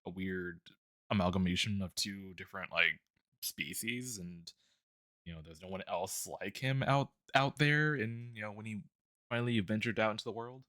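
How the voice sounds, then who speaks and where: A man's voice: on the low side, normal speed, sharp tone, no room sound, studio quality. A man guesting on a stream, chatting casually, rambling and hesitant with many ums. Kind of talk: casual chat.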